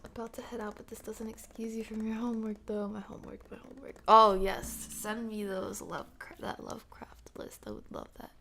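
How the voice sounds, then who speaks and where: A woman's voice: fairly high pitch, level tone, moderate pace, few pauses, sharp tone, a little hiss or hum. A woman with a stuffy nose chatting on a livestream, often dropping into a half-whisper, giggling as she reads and answers chat. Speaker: ASMR streamer.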